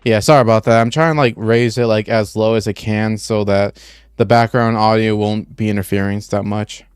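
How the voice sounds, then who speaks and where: A young man streams live, rambling casually with plenty of "like" and restarts as he talks through each step of what he's doing. His lowish voice is clear and resonant, with fairly even intonation and a moderate pace. The sound is clean studio quality with no echo.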